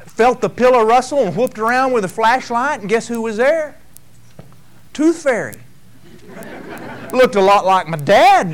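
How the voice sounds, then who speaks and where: A man preaching a sermon, reading scripture slowly and then telling homey stories with frequent asides. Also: high-pitched. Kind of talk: conversational sermon.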